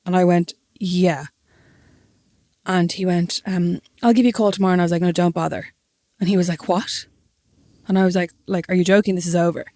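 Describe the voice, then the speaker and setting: A young Irish woman co-hosting a podcast, telling a story in a lively, self-mocking way. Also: on the low side, fairly quick, no echo, studio quality. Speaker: podcast co-host. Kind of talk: casual chat, storytelling.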